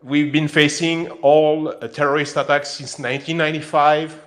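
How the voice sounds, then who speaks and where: A man with a French accent calling into a live audio chat, speaking emotionally and haltingly with many pauses. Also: on the high side, little pitch movement, a bit bright. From France. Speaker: caller. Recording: online voice chat.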